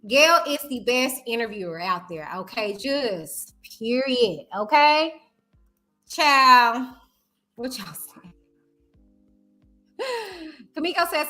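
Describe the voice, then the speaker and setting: A woman's voice: sits high, very animated, slow pace, long pauses, pushed and bright, soft background music. A woman hosting a vlog, giving emphatic, chatty commentary straight to her viewers. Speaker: vlog host. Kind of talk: casual commentary.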